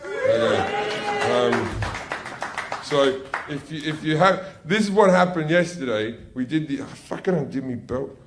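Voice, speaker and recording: A man's voice: a little high, lively intonation, unhurried, background noise. A man with an Australian accent doing profane stand-up comedy on a club stage, telling a brash story to a laughing audience.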